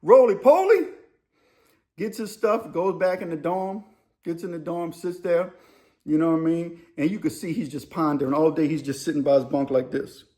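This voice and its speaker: A man telling a story in a loose, animated way, sometimes acting out other people's voices. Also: fairly high pitch, normal speed. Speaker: storyteller host. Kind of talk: casual spoken storytelling.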